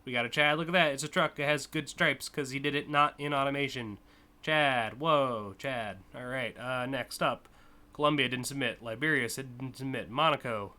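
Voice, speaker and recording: A young man with an American accent talks through a live stream in loose, rambling commentary. His voice is bright and forward at an ordinary mid pitch, peppered with "uh" and "like" and short bursts of laughter. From United States. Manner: rambling and chatty, with frequent uh and like, quick laughs. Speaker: streamer hosting a community car contest.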